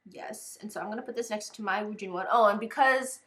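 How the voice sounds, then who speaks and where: A woman's voice: mid-range voice, fast, a bit bright. A young woman vlogging in a casual unboxing chat, talking loosely and filling nearly every phrase with "like". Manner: chatty, fills with "like" constantly.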